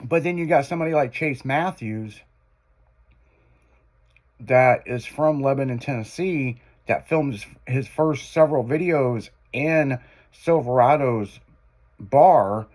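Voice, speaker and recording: A man's voice: mid-range voice, slow pace, a little mellow. A man hosting a radio show, telling loose, profane stories in casual chat. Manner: rambling, profane, loose storyteller.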